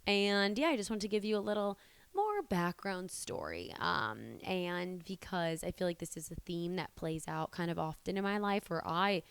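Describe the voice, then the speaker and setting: A woman's voice: lowish voice, animated, moderate pace, creaky, clean tone, no room sound. A woman in her twenties chatting casually to camera in a rambling, conversational way. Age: 20s. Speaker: vlogger and stand-up comedian.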